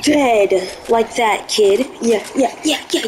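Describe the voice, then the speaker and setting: A woman's voice: on the high side, takes it slowly, slight background noise, low-quality recording. A woman giving live gameplay commentary, jumpy and easily spooked, yelping in panic. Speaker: gaming video creator.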